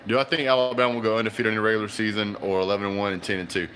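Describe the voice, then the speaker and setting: A man's voice: on the low side, flat delivery, racing, fairly bright tone. A man hosting a live football reaction stream, chatting with viewers and hollering at the plays.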